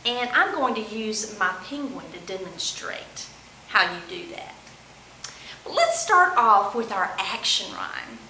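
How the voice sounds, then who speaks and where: A woman librarian leading a children's storytime, chanting action rhymes in an animated, sing-song, encouraging way. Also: medium pitch, a little slow, echoey room, a little hiss or hum, poor audio.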